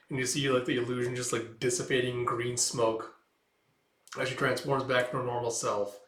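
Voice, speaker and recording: A man's voice: medium pitch, level tone, moderate pace, fairly bright tone. A man hosting a casual comic-book recap, talking loosely with many fillers. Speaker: host. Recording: echoey room.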